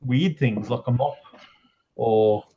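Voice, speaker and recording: A man's voice: mid-range voice, slow pace, mellow, breathy edge. A man joking and laughing his way through a casual chat as a stream co-host. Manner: joking, goofy, laughs a lot. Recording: dull lo-fi stream audio.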